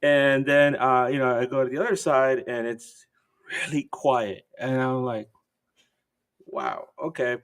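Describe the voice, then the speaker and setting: A man's voice: normal speed, smooth. A man co-hosting a podcast about a football team, talking in a loose, rambling way. He tells his stories with energy and lifts his voice sharply when he acts out what other people said. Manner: animated storyteller, acts out quotes in a high voice. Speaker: podcast co-host. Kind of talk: casual chat.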